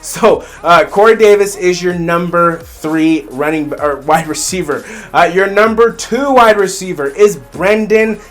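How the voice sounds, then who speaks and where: Solo fantasy sports host, male, high-pitched, repetitive and heated delivery, faint music underneath. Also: measured pace, few pauses, fairly bright tone. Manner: rambling, repeats phrases, fires up into ranting. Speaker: fantasy football podcast host.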